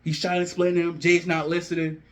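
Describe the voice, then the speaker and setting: Rambling fan narrator, slightly high voice. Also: male voice, flat delivery, quick pace. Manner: casual, rambling, talks to viewers. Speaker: wrestling fan vlogger. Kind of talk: rambling fan booking commentary.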